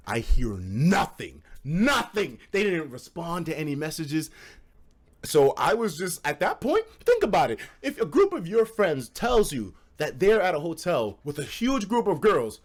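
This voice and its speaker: Lively, animated male streamer telling a story. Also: sits high. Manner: animated, swears freely, laughs mid-sentence, acts out friends' lines. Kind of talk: casual storytime on a livestream.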